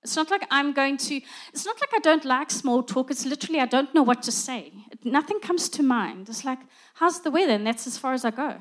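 Middle-aged woman preaching, high voice, chatty and lively, does little voices for people. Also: brisk. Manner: conversational, animated, acts out little dialogues. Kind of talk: sermon.

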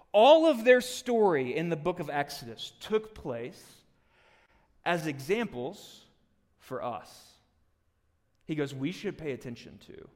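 A man preaching a live sermon as pastor, joking and animated, swinging from loud emphasis to hushed near-whispers. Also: fairly high pitch. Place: church hall. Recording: long hall reverb.

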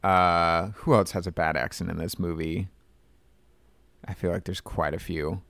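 A man's voice: low voice, fairly even intonation, measured pace, gravelly, fairly bright tone, dry recording, clean studio sound. A man co-hosting a casual movie podcast, chatty and full of "like" fillers. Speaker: podcast co-host.

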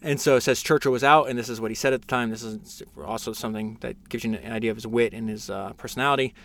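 A man's voice: mid-range voice, steady tone, fast talker, gravelly, fairly bright tone, slight background noise. A man hosting a casual podcast, summarizing a biography with enthusiasm, reading passages aloud with frequent fillers and restarts. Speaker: podcast host.

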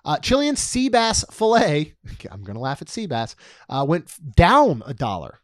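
A man's voice: on the high side, wildly swooping pitch, normal speed, no room sound, clean studio sound. A man co-hosting a podcast in casual chat, reading out prices with jokey asides. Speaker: podcast co-host. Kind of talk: casual podcast chat about theme park costs.

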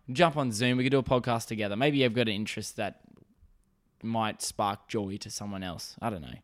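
A man's voice: medium pitch, expressive, fairly quick. An Australian man hosting a solo podcast, ranting and rambling with constant swearing. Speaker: podcast host.

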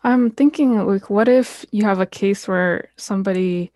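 A woman's voice: medium pitch, moderate pace, warm tone, no echo. A woman interviewing a guest, asking curious follow-up questions in an attentive way.

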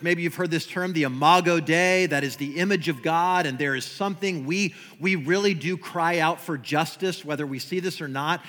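Male preacher, lively rather high voice, conversational sermon, rhetorical questions, long hall reverb. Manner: conversational, asks rhetorical questions, repeats words. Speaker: guest preacher. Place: church sanctuary.

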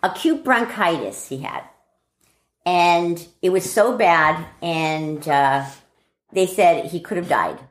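Lively middle-aged woman telling a story. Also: lowish voice, slow, roomy sound. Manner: animated, acts out family members' lines. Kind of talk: casual personal storytelling.

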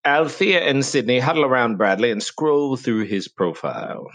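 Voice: mid-range voice, big pitch swings, normal speed, fairly bright tone. A game master wryly narrating the action of a tabletop role-play.

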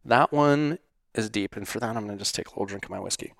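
A middle-aged man hosting a casual monologue, answering viewer questions in a blunt, profane, animated way. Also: lowish voice, fast, creaky, dry recording, clean studio sound. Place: home studio.

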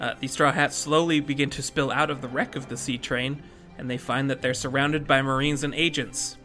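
A man's voice: medium pitch, fairly even intonation, fairly quick, bright, forceful tone, soft background music. A man hosting a casual chat show, reading out plot recaps and laughing often. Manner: laughs often, reads recap points between jokes. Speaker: podcast host recapping a manga.

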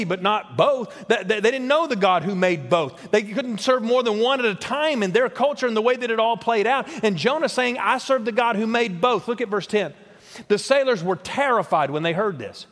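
High-voiced preacher in a reverberant hall. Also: male voice, expressive, brisk, fairly bright tone. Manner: emphatic, repeats words when building a point. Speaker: pastor. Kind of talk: sermon.

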